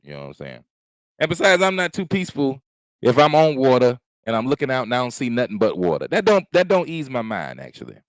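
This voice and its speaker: A comedian hosts his own stream from home, smoking as he chats, rambling along and cursing freely while telling laid-back stories. His voice sits at medium pitch with huge swings up and down, and he talks fast. There's no echo on the audio.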